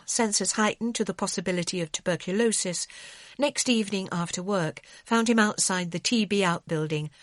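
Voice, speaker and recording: A woman narrating an audiobook in a measured way, slowing on grave passages. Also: medium pitch, dry recording, studio quality. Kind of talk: scripted narration.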